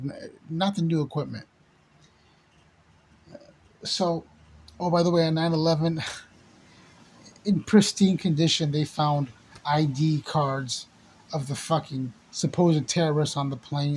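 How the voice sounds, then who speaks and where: A man's voice: a little high, slight background noise. A man delivering an angry, profane ranting monologue to the camera, repeating himself and hurling insults. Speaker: channel host.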